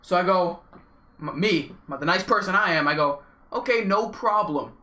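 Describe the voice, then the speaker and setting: A young man with a high, bright voice tells an animated, slangy story. The room around him sounds echoey. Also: normal speed. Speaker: vlogger. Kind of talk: casual storytime.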